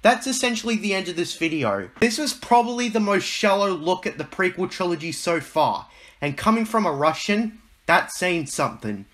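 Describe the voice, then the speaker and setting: High-voiced sarcastic male host. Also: expressive, normal speed, a bit bright. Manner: sarcastic, mock-dramatic. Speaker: YouTube host. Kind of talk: reaction commentary.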